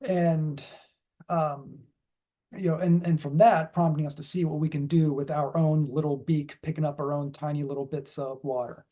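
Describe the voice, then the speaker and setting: A man's voice: on the high side, little pitch movement, moderate pace, warm tone. A man giving a dharma talk in a casual, rambling way with many fillers and restarts. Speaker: dharma speaker.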